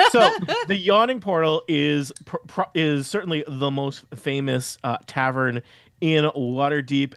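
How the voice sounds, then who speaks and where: A man's voice: medium pitch, no echo, clean studio sound. A man running a tabletop game as game master, rambling through scene descriptions with jokes and frequent laughter. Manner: rambling, joking, laughs often. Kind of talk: narrating a tabletop game, casual chat.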